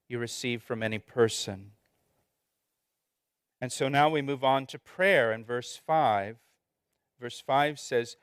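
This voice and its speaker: A man's voice: mid-range voice, no echo, clean studio sound. A man preaching an expository sermon as pastor, earnest and conversational, often restarting and repeating words.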